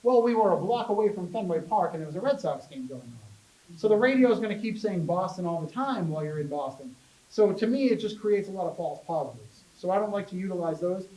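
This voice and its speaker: A man giving a casual public talk about ghost hunting as a chatty, animated storyteller who jokes with his audience. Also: high voice. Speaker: paranormal investigator giving a talk. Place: public library meeting room. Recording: echoey room, voice from a distance.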